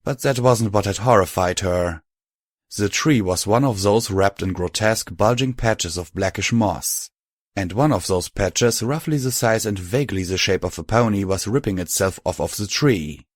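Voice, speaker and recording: A man narrating an audiobook in a steady, measured storytelling voice. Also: fairly low pitch, no echo, studio quality. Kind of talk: scripted narration.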